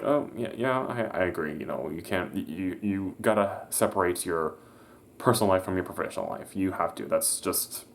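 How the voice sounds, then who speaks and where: A young man casually telling a work story, hesitant, with many restarts and fillers. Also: low voice. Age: young adult. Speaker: vlogger.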